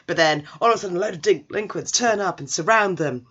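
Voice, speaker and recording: A woman casually retelling a story in an animated, chatty way, full of asides. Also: fairly low pitch, quick pace, husky, lo-fi sound. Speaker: anime recap storyteller.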